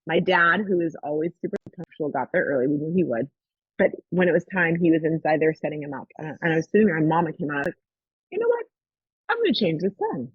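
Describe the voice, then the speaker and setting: This podcast host speaks quickly in a low, slightly rough voice, animatedly recounting something that happened to her and mimicking the people she quotes. It's a dry, phone-quality recording.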